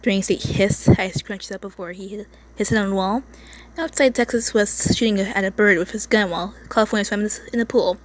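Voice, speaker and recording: A woman's voice: mid-range voice, fairly quick, few pauses, rough recording. A woman from the United States, casually reading a fan story aloud at home into her phone, stumbling and restarting words often. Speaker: amateur reader of an online story.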